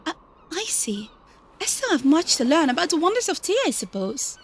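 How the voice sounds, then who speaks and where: A woman voicing a gentle, polite young woman teacher who speaks softly and courteously, reading game dialogue. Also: high-pitched, very animated, moderate pace, pitched above the performer's own voice. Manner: soft, courteous, apologetic.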